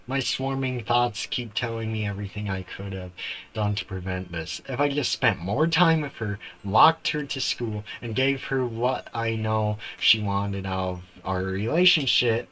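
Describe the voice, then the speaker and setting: A man's voice: mid-range voice, normal speed, bright, forceful tone, rough recording. A man streaming a game live, reading its story text aloud and breaking off into shocked outbursts.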